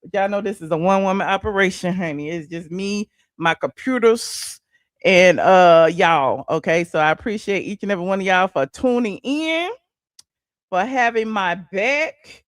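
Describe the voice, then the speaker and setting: A woman's voice: mid-range voice, animated, moderate pace, no echo. A woman hosting a casual live stream, chatting to her viewers and calling them child and honey. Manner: chatty, talks to the chat, calls listeners child and honey. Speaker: livestream host. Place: small room at home. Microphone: computer mic at a desk.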